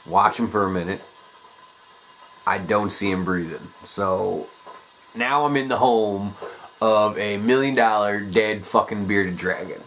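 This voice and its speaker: A man telling a comedic personal story in an animated way, swearing freely. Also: lowish voice, a little hiss or hum, poor audio.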